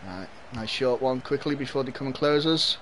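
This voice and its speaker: A man's voice: mid-range voice, lively intonation, moderate pace, a bit bright, slight background noise. A young man with a mild Liverpool Scouse accent, chatting with viewers and laughing often while he commentates a football video game. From Liverpool, England. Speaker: gaming streamer. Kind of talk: live gameplay commentary and chat with viewers.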